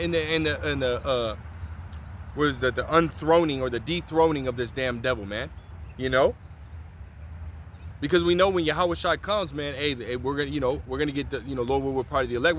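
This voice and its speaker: A man street-preaching outdoors in a loose, slangy, profane way, his voice bright and a little high. He breaks his scripture reading with frequent asides. Faint city traffic hums behind him.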